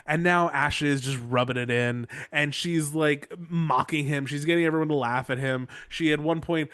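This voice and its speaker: A man retells book chapters in rapid, profane chat, piling on asides as a podcast co-host. His voice sits fairly high, and the sound is dry and close with no room around it. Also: no room sound. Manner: animated, profane storytelling full of asides. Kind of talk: casual book-recap chat.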